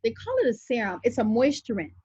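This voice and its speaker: Woman, relaxed, reassuring, folksy, live stream host, muffled dry call sound. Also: a little high, fast, husky, no echo. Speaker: natural hair stylist hosting a live Q&A. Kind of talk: casual live-stream advice chat.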